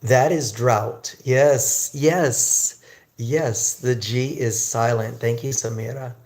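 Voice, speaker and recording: Male English teacher on a livestream, unhurried pronunciation drills, gravelly voice. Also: medium pitch, fairly even intonation, darkish tone. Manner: slow, drawn-out pronunciation drills; chatty, greets viewers.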